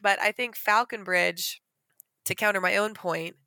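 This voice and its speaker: Bright-voiced woman arguing a point. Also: medium pitch, measured pace, no echo. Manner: animated, argumentative. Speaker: podcast co-host. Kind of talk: casual book discussion.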